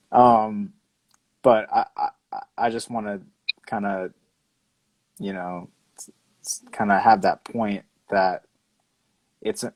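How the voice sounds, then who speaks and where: A man with a fairly low voice speaks in a measured, thoughtful way, pausing and restarting as he works through his point. The sound is dry and close, with little room around it. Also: fairly even intonation, no echo, rough recording. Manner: measured, reflective, hesitant restarts. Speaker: podcast co-host. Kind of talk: casual discussion.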